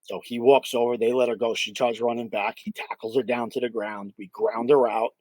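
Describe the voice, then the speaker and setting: A man at an ordinary middle pitch tells a paranormal case in a loose, conversational interview. He fills pauses with "um" and acts out what people said. The recording is close and dry. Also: dry recording, poor audio. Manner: animated storyteller, many fillers and acted-out quotes. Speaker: paranormal investigator, interview guest. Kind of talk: casual storytelling in an interview.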